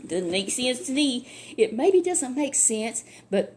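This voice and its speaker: A woman's voice: fairly high pitch, unhurried, a little mellow, slight background noise. An older woman, a grandmother telling a Bible story to a child in a folksy, chatty way full of asides.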